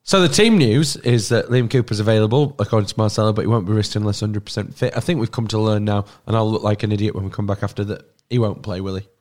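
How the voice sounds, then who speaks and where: A man's voice: on the low side, darkish tone. A man co-hosting a casual football fan podcast, joking and reading out team news. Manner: jokey, quick banter, reads team news. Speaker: podcast co-host.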